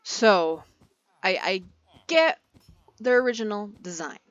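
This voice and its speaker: Young woman, gameplay commentary, chatty, rambling, easily distracted, mid-pitched voice. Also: lively intonation, slow, dull audio. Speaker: gaming video creator.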